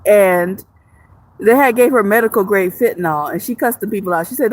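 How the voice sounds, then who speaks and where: In a relaxed livestream, a woman reads viewer comments aloud, joking and swearing freely while rambling and restarting often. Her voice is mid-range and her pace moderate, with slight background noise.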